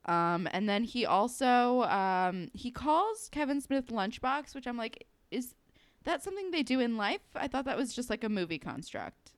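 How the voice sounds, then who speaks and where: A woman's voice: on the high side, sing-song, moderate pace, dry recording. A woman co-hosting a podcast, casually retelling scenes with many "um"s. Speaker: podcast co-host. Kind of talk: casual chat.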